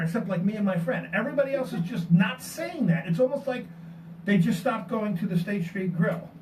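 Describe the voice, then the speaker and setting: A man's voice: extremely high pitch, a little fast. A man hosting a casual group discussion, telling stories and asking rhetorical questions. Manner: animated storytelling, rhetorical questions. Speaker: podcast host. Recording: noisy, distant room mic.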